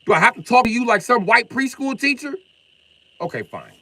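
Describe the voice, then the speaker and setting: A middle-aged man from Illinois ranting on a live stream, confrontational and profane, swinging from loud outbursts to mock calm. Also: extremely high pitch, fairly quick, rough recording. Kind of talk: heated live-stream rant.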